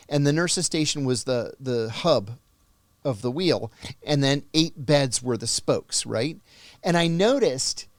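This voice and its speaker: A man's voice: a little high, dry recording. Man telling a war story on a podcast, acts out the voices, dry close sound. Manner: vivid, animated storyteller acting out dialogue. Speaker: guest, former intelligence officer.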